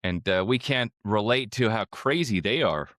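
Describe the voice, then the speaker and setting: Low-voiced man with dry one-liners. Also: lively intonation, moderate pace, fairly bright tone. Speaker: comedian podcast co-host. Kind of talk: casual comedic banter.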